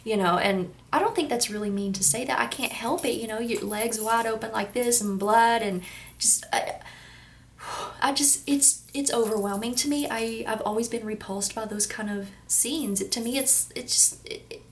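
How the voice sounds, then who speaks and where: Gravelly-voiced young Kentucky woman. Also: a little high, moderate pace, slight background noise. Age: 20s. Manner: rambling, giggly, self-deprecating. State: runny nose. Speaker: vlogger. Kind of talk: casual talking-to-camera vlog.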